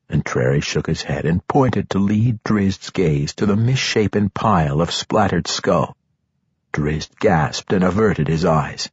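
Deep, husky male audiobook narrator. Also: unhurried, no echo. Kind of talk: scripted fantasy narration. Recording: dull lo-fi recording.

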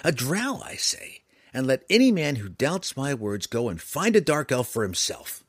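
A man's voice: sing-song, moderate pace, slightly rough, dry recording, clean studio sound. A man voicing a fat-bellied tavern storyteller with a shaky, quivering voice in a fantasy audiobook. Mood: dramatic boasting. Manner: shaky, quivering, higher-pitched voice.

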